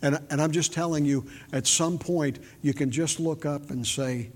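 An older man giving a sermon with folksy storytelling, shifting from loud emphasis to quiet, intimate moments. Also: on the high side, fairly even intonation, moderate pace. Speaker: preacher. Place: large church hall. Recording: reverberant church hall.

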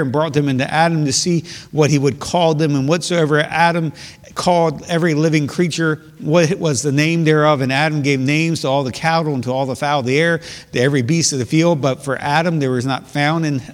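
Male pastor, earnest sermon delivery, slightly raised pitch, long hall reverb. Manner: earnest, explanatory preaching with rhetorical questions. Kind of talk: sermon with scripture reading.

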